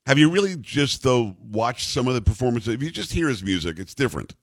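A man's voice: medium pitch, sing-song, fairly quick, no room sound, clean studio sound. A middle-aged man hosting a radio talk show, rambling and teasing his co-hosts. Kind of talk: casual talk radio banter. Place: radio studio.

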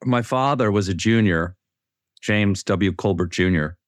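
Middle-aged man, lowish voice, easygoing raconteur, dry close mic. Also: a little slow, no room sound. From Charleston, South Carolina. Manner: relaxed storytelling, thoughtful asides. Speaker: guest. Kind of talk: casual chat.

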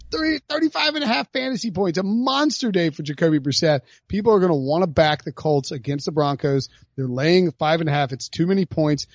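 A podcast host with a slightly high male voice talks casually about football picks, tossing in jokey asides. The recording is dry and the audio sounds dull.

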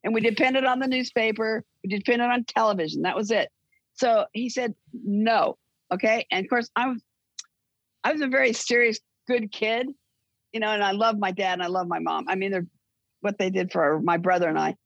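Older lady guest, gravelly and husky, rambles thru her stories, dry dull sound. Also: medium pitch, moderate pace, no room sound. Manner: rambling, with restarts and animated retellings. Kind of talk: casual interview storytelling.

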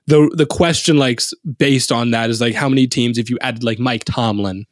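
A man's voice: mid-range voice, normal speed, no echo, studio quality. A man co-hosting a sports podcast, talking loosely and laughing easily. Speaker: podcast co-host. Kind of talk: casual sports chat.

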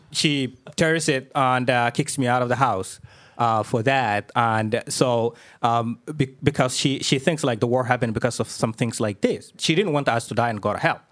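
Young Somali-born man as interview guest, telling his story in a halting, restarting way. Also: medium pitch, fairly bright tone. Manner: halting, many fillers and restarts. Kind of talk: conversational storytelling.

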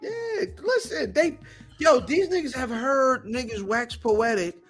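High, excitable man riffing with friends. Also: measured pace, slightly rough, faint music behind. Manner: loud, exclaiming, laughs and swears. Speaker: podcast co-host. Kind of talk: casual chat.

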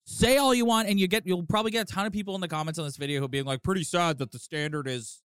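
A man co-hosting a casual sports podcast. He rants in heated, quick bursts. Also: high voice, a bit bright, clear, resonant tone, no room sound, clean studio sound. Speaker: podcast co-host.

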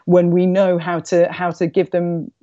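A woman author being interviewed on a podcast, speaking in a thoughtful, measured way. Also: lowish voice, monotone, dark tone, no echo, dull audio. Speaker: author guest. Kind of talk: conversational interview.

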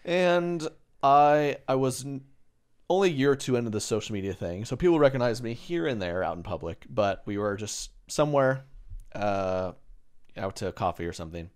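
A man's voice: medium pitch, normal speed, clear, resonant tone. A young man co-hosting a podcast, telling stories casually and acting out quotes from people. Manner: animated storyteller, acts out quotes. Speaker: podcast co-host. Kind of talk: casual chat.

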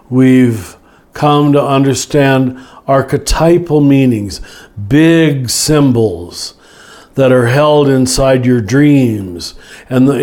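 An older man, a Catholic teacher and author, explaining ideas slowly and reflectively, often restarting and listing words. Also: mid-range voice, a little mellow. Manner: slow, reflective, with frequent restarts and lists. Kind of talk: relaxed spoken teaching in conversation.

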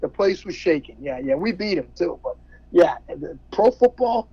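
A football coach as a podcast guest, talking excitably, repeating words and laughing often. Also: male voice, sits high, moderate pace, highs cut off. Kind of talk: casual podcast interview.

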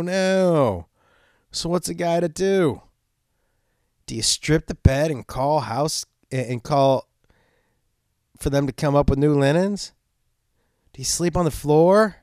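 A man's voice: a little high, darkish tone, clean tone, dry recording, studio quality. A man hosting a podcast in a casual monologue, telling stories with candid, crude, rambling humor. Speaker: podcast host.

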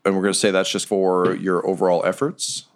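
A man narrating a tabletop game as game master, with quick, lively narration. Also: low voice.

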